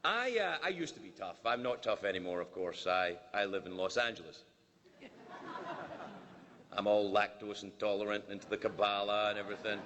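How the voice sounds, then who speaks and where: Scottish man doing lively stand-up. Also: fairly low pitch, background noise. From Scotland. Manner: brisk, teasing, mock-indignant delivery. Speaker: comedian headlining a formal dinner. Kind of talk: stand-up monologue. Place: large banquet hall. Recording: long reverb of a large banquet hall.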